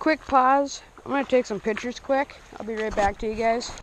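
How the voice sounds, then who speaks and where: A young man narrating his fishing trip casually outdoors, breaking into excited outbursts when he hooks a fish. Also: very high voice, normal speed, a little hiss or hum. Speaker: fishing vlogger. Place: outdoors by a small stream. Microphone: action camera. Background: running stream water.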